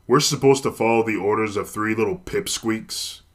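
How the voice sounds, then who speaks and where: A man voicing a loud, brawny male thug who jeers and sneers. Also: on the low side, normal speed, lightly acted. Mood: mocking. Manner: sneering, jeering.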